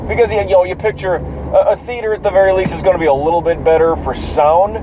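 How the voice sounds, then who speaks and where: A man's voice: high voice, steady tone, fast. Profane, rambling man over road noise. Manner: profane, rambling, self-amused. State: drowsy, yawning. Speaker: vlogger musing while driving. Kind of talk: casual rambling monologue. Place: in a car, driving. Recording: loud car road noise.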